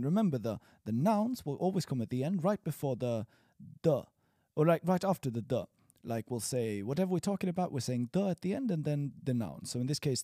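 Chatty, lively-voiced male language teacher. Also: mid-range voice, dry recording, clean studio sound. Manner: encouraging, chatty, trails off with fillers. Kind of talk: casual spoken language lesson.

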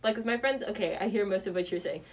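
A woman's voice: mid-range voice, fast talker. A young woman appearing as a podcast guest in casual chat, rambling, hesitant and self-deprecating. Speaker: guest actor.

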